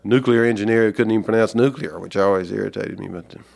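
A man from Georgia with a Southern accent, an author talking as an interview guest, thoughtful and halting with many fillers. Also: fairly low pitch, vocal fry, a little mellow. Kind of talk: reflective interview talk.

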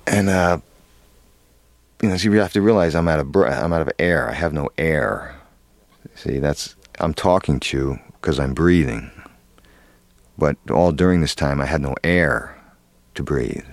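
Deep-voiced middle-aged guy, halting, lots of ums, dry close sound. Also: dry recording. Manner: halting, many restarts and fillers, earnest. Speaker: actor guest. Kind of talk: candid interview storytelling.

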